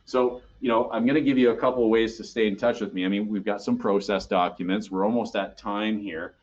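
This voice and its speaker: A man's voice: fairly low pitch, fairly even intonation, brisk, darkish tone, muffled recording. A man presenting a sales training webinar in a conversational way, often checking in with listeners. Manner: conversational, keeps checking in with "okay?".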